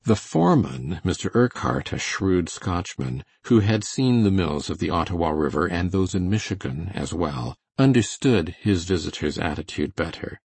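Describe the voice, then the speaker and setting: Gravelly, deep-voiced male narrator. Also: expressive, moderate pace, few pauses, darkish tone, no echo. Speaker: audiobook reader. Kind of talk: scripted narration.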